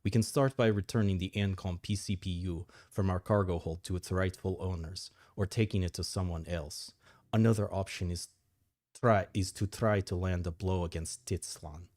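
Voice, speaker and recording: A man reading game text as a calm male adviser giving a flat, quiet briefing to his boss. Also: low voice, moderate pace, dry recording, studio quality, natural voice.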